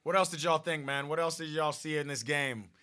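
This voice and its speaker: A man's voice: fairly high pitch, brisk, sharp tone, smooth. A man hosting a live football watch party, chatting casually and reading out viewer comments. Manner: chatty, restarts, reads viewer comments aloud.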